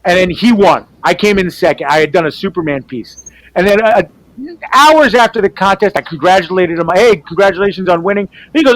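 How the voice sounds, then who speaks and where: High-voiced man telling lively stories. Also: brisk, rough recording. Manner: animated storyteller who acts out quoted voices; swears freely. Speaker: artist on a team panel show. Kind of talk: casual storytelling chat.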